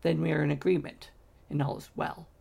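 Cold scheming wizard guy, clipped and bossy, a man reading him, slightly high gravelly voice. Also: little pitch movement, fairly quick, a little mellow, heavily acted. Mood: commanding. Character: scheming male magician, commanding and curt.

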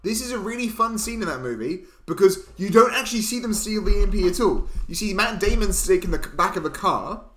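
A man's voice: high voice, fast talker, few pauses. Chatty man talking films in an echoey room. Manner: animated storytelling with asides and self-corrections. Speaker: podcast co-host. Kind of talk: casual film discussion.

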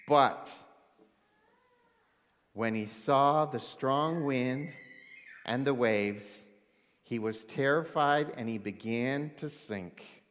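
A man preaching a sermon, animated, swinging between loud excitement and hushed intensity. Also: medium pitch, drawn-out words, pauses often, slight background noise. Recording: long hall reverb.

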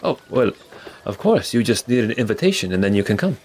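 A man playing a courteous but cagey male city guard in a tabletop game. He hems and haws in a lowish voice, stumbling over his words. A faint hiss of noise sits behind him. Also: sing-song, fairly quick, a little mellow. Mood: polite, evasive. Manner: hesitant, full of fillers.

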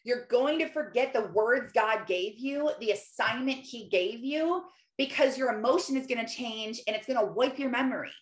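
A woman's voice: fairly high pitch, normal speed. A woman in her thirties chatting casually about faith and family, rambling and filling her talk with "like". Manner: chatty, rambling, lots of "like" fillers. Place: home office. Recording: roomy echo.

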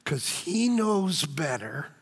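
High, gravelly-voiced male preacher. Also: slow pace, in a large hall. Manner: animated, joking, calls out to the congregation. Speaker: pastor. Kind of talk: sermon. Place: church sanctuary.

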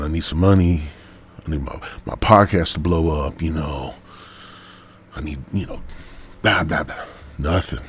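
A man hosting a rambling solo podcast, profane and stoned, talking through a stuffy nose. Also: deep voice. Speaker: podcast host.

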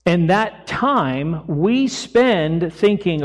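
Guy pastor preaching, kinda high voice, big church echo, tells the story like he's chatting. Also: lively intonation, measured pace, a little mellow. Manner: storytelling sermon, acting out quotes casually. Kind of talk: sermon. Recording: long echo of a church hall.

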